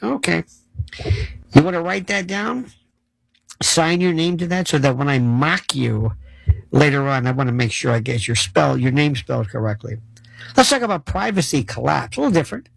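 A man's voice: a little high, lively intonation, moderate pace, vocal fry, no echo. A man delivering a sarcastic monologue rant as a commentator, mocking and exasperated, acting out the voices of the people he criticizes. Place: New York City.

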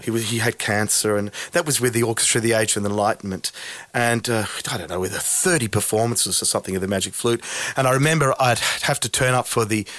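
A man's voice: fairly low pitch, fast, no echo. A middle-aged conductor, a guest telling stories in conversation and often restarting words as he goes. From Australia. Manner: lively storyteller, repeats words when restarting. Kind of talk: anecdotal conversation.

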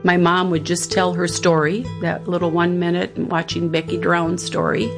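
A woman's voice: on the low side, level tone, moderate pace, over music. A middle-aged woman, telling a personal family story in a reflective, conversational way. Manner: reflective, conversational, quotes others' words. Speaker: interviewee.

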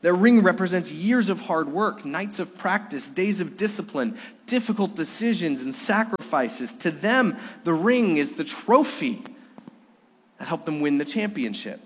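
A man's voice: animated, a little slow, husky. Earnest male preacher in a reverberant hall. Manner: earnest, swinging between soft lows and emphatic highs. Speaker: pastor. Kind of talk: sermon.

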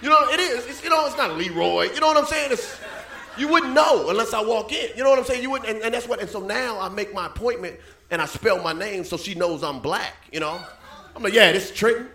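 High-voiced man in his thirties doing stand-up. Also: a little fast, bright, forceful tone. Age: 30s. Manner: conversational crowd work with frequent asides. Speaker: stand-up comedian. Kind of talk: stand-up comedy set. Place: comedy club stage. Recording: echoey club with background noise.

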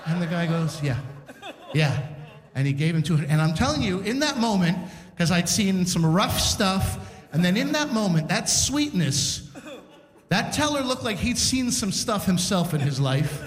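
A man with a high voice tells a stand-up story on stage, chatty and animated, slipping into the people he quotes. His voice rings through an echoey hall with a long reverb tail. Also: moderate pace. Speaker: stand-up comedy host. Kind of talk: stand-up storytelling to a live audience. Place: large community center hall on stage.

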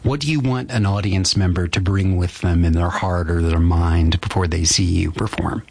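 A man hosting a radio interview, his voice low and a little husky. He asks his questions in a measured, friendly way and reads the program announcements steadily. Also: a little mellow. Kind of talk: radio interview and news reading.

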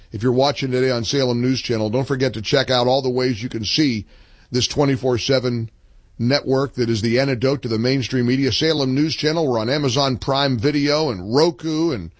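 An older man hosting a political talk radio show, delivering an emphatic monologue that swings between low asides and high outbursts. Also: dry recording.

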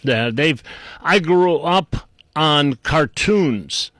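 A man's voice: a little high, expressive, very slow, fairly bright tone, dry recording, studio quality. A man hosting a talk radio show, rambling and irreverent, with many fillers and restarts. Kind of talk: casual talk radio monologue.

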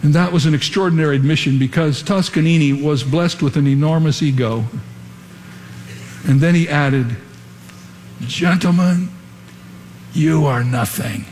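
A man preaching a sermon in an earnest, measured way, building to emphatic repeated lines. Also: fairly high pitch, a little mellow, slight background noise. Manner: earnest preaching with dramatic pauses and quoted whispers. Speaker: pastor. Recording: long hall reverb, faint ambience.

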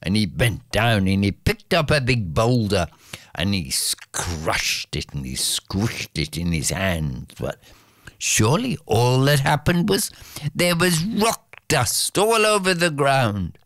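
Slow lively male storyteller. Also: no echo, clean studio sound. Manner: lively, highly varied pitch, slow and deliberate. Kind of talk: told folk tale.

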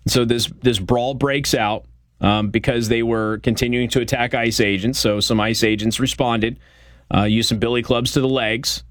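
A man's voice: mid-range voice, steady tone, moderate pace, no echo, clean studio sound. A man hosting a political talk show, giving a blunt, opinionated monologue with frequent fillers. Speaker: radio show host.

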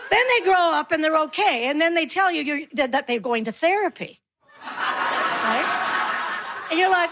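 Middle-aged woman comic, high voice, frazzled mom storyteller who acts out every scene. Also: moderate pace, long pauses. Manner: animated, exasperated, acts out her kids and herself. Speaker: stand-up comedian. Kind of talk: stand-up comedy storytelling.

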